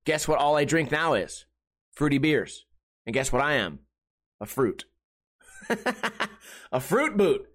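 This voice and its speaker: Young man, podcast host, high voice, casual rambling monologue, swears a lot. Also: sing-song, slow, long pauses, fairly bright tone. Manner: rambling, profane, jokey.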